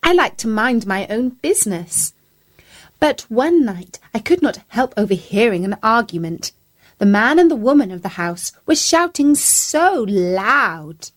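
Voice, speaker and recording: A woman narrating a children's story in an expressive, playful, chatty way, speaking as the mouse. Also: on the high side, unhurried.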